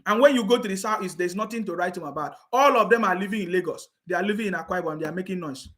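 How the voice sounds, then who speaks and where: A man's voice: sits high, very fast, bright, forceful tone. A man giving a scornful, insistent political rant, with mocking laughs and repeated check-ins with his viewers. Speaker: political commentator. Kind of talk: ranting online commentary.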